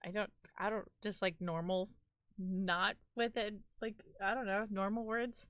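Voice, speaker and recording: A woman's voice: mid-range voice, fairly even intonation, measured pace, fairly bright tone, dry recording. A woman with a New York accent chatting casually on a live stream, rambling and filling her talk with "like".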